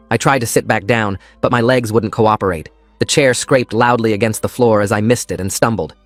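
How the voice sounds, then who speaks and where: A man narrating a first-person story in a calm, steady scripted style. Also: on the low side, fairly quick, hardly any pauses, dry recording, soft background music.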